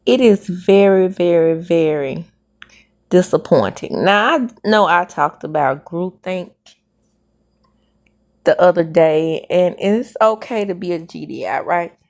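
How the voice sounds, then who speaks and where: Slow, sassy middle-aged woman host. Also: on the low side, darkish tone. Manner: sassy, drawn-out, emphatic delivery with slang asides. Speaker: host of a celebrity gossip show. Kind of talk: casual commentary monologue.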